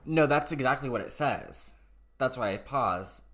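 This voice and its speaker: A man co-hosting a podcast, reading posts aloud haltingly with restarts and breaking in with blunt, profane remarks. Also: medium pitch, animated, fairly bright tone. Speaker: podcast co-host.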